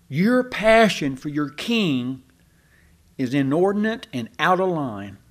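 An older man preaching a sermon, his voice sitting a little high and swinging widely as he tells stories. He breaks off into asides and restarts his sentences, building to emphatic points. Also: sing-song, slow.

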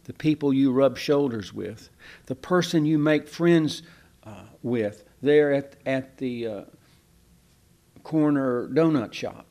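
A man's voice: medium pitch, slow pace, warm tone. A pastor preaching a sermon in a folksy, conversational way, asking his listeners questions.

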